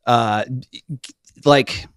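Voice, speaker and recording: A man co-hosting a podcast talks through songwriting in a loose, rambling way. He stops and restarts his sentences often, with plenty of fillers. His voice sits in a middle pitch and is recorded dry, with no room echo. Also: fairly even intonation, very slow, clean tone. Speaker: podcast co-host. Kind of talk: casual chat about songwriting.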